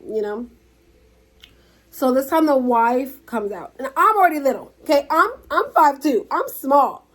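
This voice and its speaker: A woman telling a story about her neighbors in a casual vlog, acting out quotes with lively swings and sometimes dropping to a whisper. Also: on the high side, low-quality recording. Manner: animated storytelling, acts out quotes, drops to a whisper at times. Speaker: vlogger.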